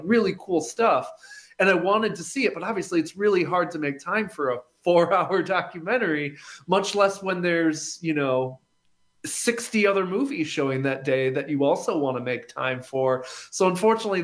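A young man chatting casually on air, enthusiastic and rambling, with frequent restarts. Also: a little high. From Milwaukee. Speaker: film critic guest. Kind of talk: casual radio chat.

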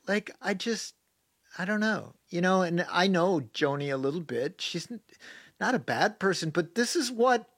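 A man from Wisconsin, a political guest on a call-in radio show, talking in halting bursts with restarts and fillers. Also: high voice, a bit bright, dry recording. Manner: halting, restarts, many likes and you knows. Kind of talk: casual political talk radio.

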